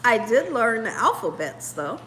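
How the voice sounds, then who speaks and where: Giggly high-voiced woman hosting a cooking stream. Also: very animated, normal speed, a bit bright, slight background noise. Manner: giggly, laughs often while reading comments. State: tired. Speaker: cooking show host. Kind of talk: casual live-stream chat.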